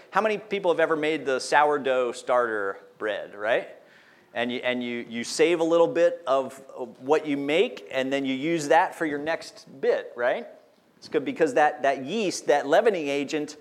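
A man preaching a sermon as pastor, explaining scripture and asking the congregation questions. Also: on the high side. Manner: teaching, asks the congregation questions.

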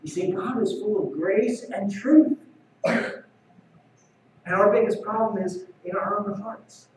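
A man's voice: high voice, slow pace, darkish tone, slight background noise. A man preaching a sermon as pastor, earnest and emphatic. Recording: very echoey hall, far from mic.

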